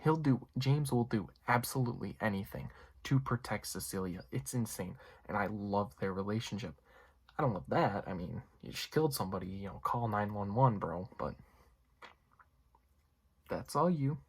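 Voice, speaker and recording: A young man reviews a movie casually, his low-leaning voice carrying a breathy edge at a normal pace. He rambles, loads his talk with fillers and "you know," and drifts into asides.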